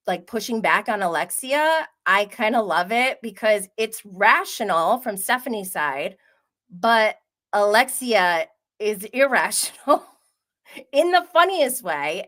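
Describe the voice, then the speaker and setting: Woman streamer, mid-pitched voice, gossipy and animated, casual live chat. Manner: animated, gossipy, laughs often, reads chat aloud. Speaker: host.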